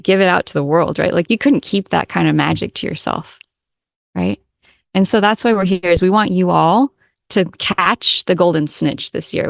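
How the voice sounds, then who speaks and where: A woman co-hosting a live online event, giving an effusive, excitable pep talk full of filler words and mild swearing into a studio microphone. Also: on the low side, creaky, no room sound. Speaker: co-host of an online energy-clearing event.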